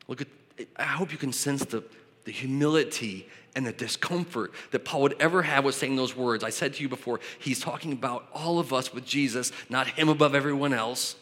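Speaking a little fast in a fairly high, slightly bright voice, the pastor fills a large hall. He reads passages of scripture and talks through their meaning as if in conversation.

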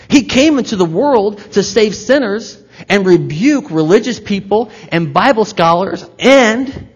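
A man's voice: sits high, breathy edge. A man preaching a sermon to his congregation, talking conversationally with asides and direct questions to the listeners. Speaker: pastor. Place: church hall with congregation. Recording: echoey hall, slightly dull sound.

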